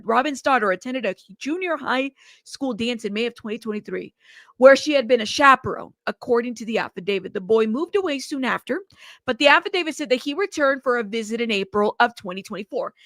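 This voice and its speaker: A woman with a high, fairly bright voice is heard in a dry, clean studio-quality recording. She hosts a true crime news livestream, commenting on a case in an outspoken, indignant way, cursing freely and addressing her chat directly.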